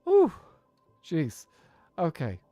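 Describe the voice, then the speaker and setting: An Irish man streams Minecraft, chatting casually while gaming and reading chat, rambling and laughing often. His voice is fairly high with wildly swooping pitch and drawn-out words. The audio is dull, with no room sound.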